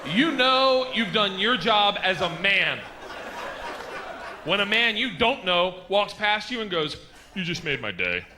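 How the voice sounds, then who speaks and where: A man performing a stand-up comedy set on a club stage, telling loud, rowdy stories with shouted bursts into a handheld mic. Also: sits high, slow. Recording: noisy live club recording.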